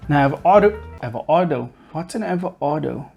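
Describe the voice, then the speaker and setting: A man's voice: fairly high pitch, lively intonation, a little fast, gravelly, darkish tone, husky, highs cut off, soft background music. A man hosting a beard care video, explaining products with playful, teasing asides.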